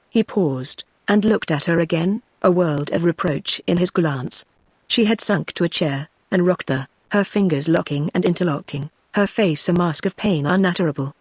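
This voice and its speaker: A text-to-speech voice with a woman's sound and a British English accent, giving scripted narration of a novel in an even, machine-made reading. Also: fairly low pitch, moderate pace, breathy edge, no echo.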